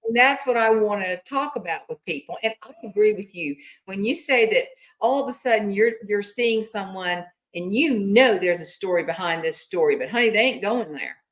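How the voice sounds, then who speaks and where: A woman hosts a relaxed conversation. She reacts with friendly asides and talks to her guest like an old acquaintance. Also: mid-range voice, normal speed. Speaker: podcast host. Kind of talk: casual interview chat.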